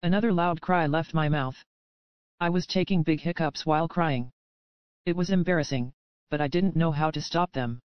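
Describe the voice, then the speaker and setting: Woman audiobook narrator, steady first-person reading, smooth tone, dry and slightly dull sound. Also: low voice, moderate pace, no room sound.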